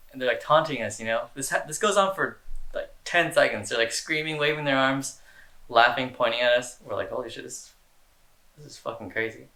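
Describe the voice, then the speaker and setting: A man's voice: mid-range voice, sharp tone, roomy sound. A young man answering fan questions in a casual, rambling chat, full of slang and fillers. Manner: laid-back, rambling, slangy with lots of "dude" and "like".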